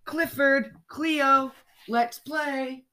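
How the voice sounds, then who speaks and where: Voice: mid-range voice, lively intonation, normal speed, fairly bright tone, a little hiss or hum, natural voice. A storyteller voicing a nervous, guilty male dog in a children's storybook, in a worried, pleading way. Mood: anxious.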